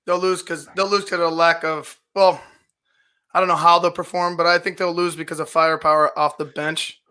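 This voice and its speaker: A man co-hosting a sports talk show, giving his view in a measured way and thinking aloud as he goes. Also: on the high side, flat delivery, bright, forceful tone, clean tone. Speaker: sports radio co-host. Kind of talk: sports talk radio banter.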